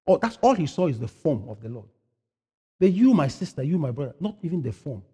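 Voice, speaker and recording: A pastor delivering a sermon in a high voice, moving between loud, soaring preaching and quiet asides. He keeps asking his listeners questions and then answers them himself. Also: husky.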